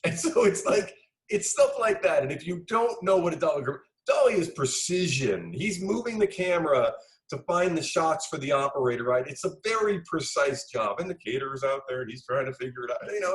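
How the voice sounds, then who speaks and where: A middle-aged man, a film director being interviewed, telling lively anecdotes and acting out the dialogue he quotes. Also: on the high side, brisk, poor audio. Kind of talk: casual interview storytelling.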